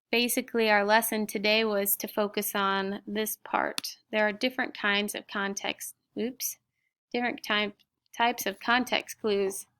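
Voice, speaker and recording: Middle-aged woman teacher, smooth and deliberate, sounds out each word for a recorded class lesson. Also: medium pitch, a bit bright. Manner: slow, clear word-by-word sounding out. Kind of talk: recorded spelling and vocabulary lesson.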